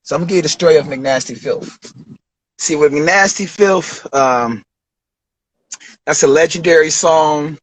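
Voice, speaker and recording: A man telling a studio story as an interview guest, animated, acting out quotes with big jumps in pitch. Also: a little slow, long pauses. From Detroit.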